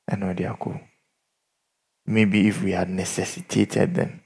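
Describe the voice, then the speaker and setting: A man's voice: on the low side, fairly quick, gravelly, breathy edge. A man preaching a sermon, telling stories and acting out the people in them. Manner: animated storytelling, acts out quoted people.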